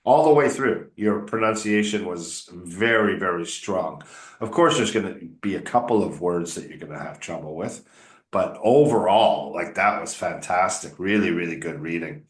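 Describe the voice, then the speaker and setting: A man's voice: sits low, normal speed, reverberant. A man coaching a student on pronunciation one-on-one, patient and encouraging, sounding a bit sick. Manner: encouraging, corrects pronunciation word by word. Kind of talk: one-on-one online coaching session.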